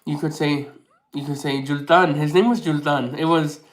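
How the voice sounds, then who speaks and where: A man's voice: fairly high pitch, fairly even intonation, normal speed, poor audio. Rambling, sentimental man chatting to camera. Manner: rambling, with many restarts and fillers, softly sentimental. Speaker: vlogger. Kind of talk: casual chat to camera.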